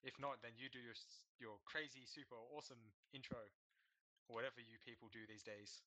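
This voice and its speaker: A man's voice: medium pitch, steady tone, a little fast, pushed and bright, no room sound, low-quality recording. A young man chats loosely over a game, sarcastic and joking, swearing and laughing as he goes. His voice sits in a middle register, and keyboard clicks tap along in the background. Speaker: gamer co-host. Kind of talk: casual gaming chat.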